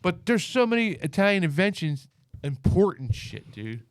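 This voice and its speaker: A brash, profane man on a comedy podcast, reading his list of facts with swagger. His voice sits a little high and comes through smooth and clear. The sound is dry and close, with no room in it. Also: big pitch swings, normal speed, no echo. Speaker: podcast co-host. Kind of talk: casual comedy podcast banter.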